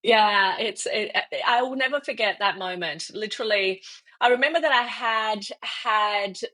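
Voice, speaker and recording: A woman's voice: mid-range voice, moderate pace. A middle-aged woman, a guest expert, telling a personal story in an interview and acting out the dialogue. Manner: animated, acts out quoted dialogue with laughs.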